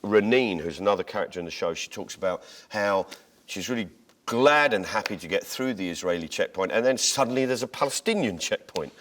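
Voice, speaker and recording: A man being interviewed as a comedian, telling jokes and stories in an animated way, restarting his sentences as he goes. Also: on the low side, brisk. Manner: animated, tangents and restarts while retelling jokes. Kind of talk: conversational interview storytelling.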